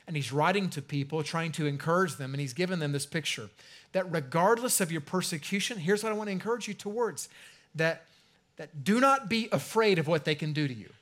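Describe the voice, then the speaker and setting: A man preaching a sermon as a pastor in a conversational way, slowing right down to stress key phrases and trailing off softly at the ends. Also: fairly high pitch, animated.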